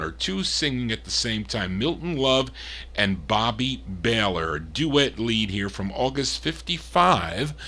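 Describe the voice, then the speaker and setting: A man hosting a record show, introducing songs and reading out listener requests in a chatty, relaxed way with the odd chuckle. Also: medium pitch. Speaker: radio-style record show host. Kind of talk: casual disc jockey patter.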